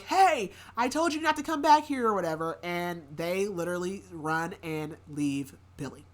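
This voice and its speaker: Woman podcast host, somewhat low voice, loose and chatty with lots of fillers, casual recap read. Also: fairly bright tone. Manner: rambling, heavy use of filler words.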